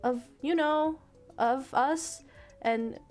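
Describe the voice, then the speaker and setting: A woman voicing a shy, flustered high-school girl who hesitates and stammers. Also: very slow, darkish tone, faint music behind.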